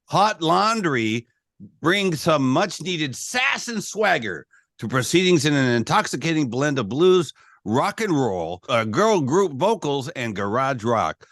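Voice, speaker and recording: A man's voice: a little high, big pitch swings, unhurried, fairly bright tone, dry recording, clean studio sound. A man hosting a casual radio interview, chatty and stumbling a little over guests' names. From United States. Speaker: radio show host.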